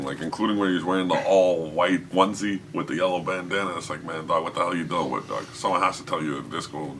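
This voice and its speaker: A man's voice: rumbling low, noisy background. A man hosting a casual comics podcast, talking in a rambling, profane way and laughing often. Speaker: podcast host.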